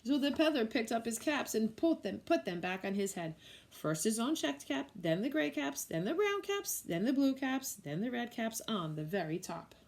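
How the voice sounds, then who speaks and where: Teacher, woman, high and lively read-aloud voice for little kids. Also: normal speed. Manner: animated, expressive storytelling. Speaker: preschool teacher. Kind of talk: reading a picture book aloud to children.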